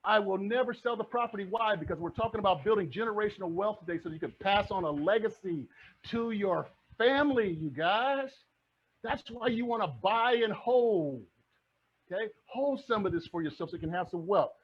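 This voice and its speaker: A middle-aged man teaching to camera as a coach, energetic and rallying, firing questions at his audience. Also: high-pitched, normal speed, breathy edge. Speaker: real estate coach. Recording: dull lo-fi recording.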